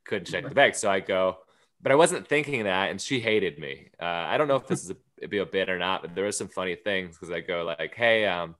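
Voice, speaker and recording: A man with a low, bright, forceful voice spins a comic anecdote on a podcast. He talks casually and slips into quick impressions of the people he met along the way. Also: expressive. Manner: storytelling, acts out quoted lines. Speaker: guest comedian.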